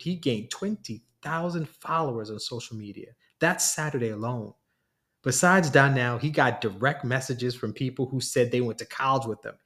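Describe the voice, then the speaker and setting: A man narrating a serialized story in a plain, steady reading voice. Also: medium pitch.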